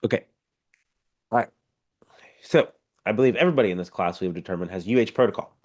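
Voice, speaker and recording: Low-voiced man, blunt no-nonsense instructor, casual and emphatic, video call. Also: quick pace, a little mellow, highs cut off. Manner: blunt, informal, emphatic teaching. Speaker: EMS instructor. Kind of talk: casual online class lecture.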